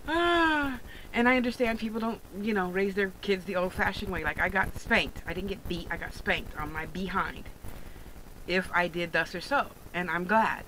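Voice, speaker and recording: A woman's voice: mid-range voice, moderate pace, sharp tone, a little hiss or hum, low-quality recording. A woman who sells jewelry online, ranting bluntly and sarcastically in a profane vlog monologue. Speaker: online jewelry and crystal seller.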